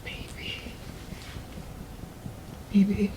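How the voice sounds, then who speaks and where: Nigerian girlfriend comforting her man, soft, whispery, coaxing. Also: very slow, noisy background. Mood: tender. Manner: gentle, coaxing, often whispering. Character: young woman comforting her grieving partner.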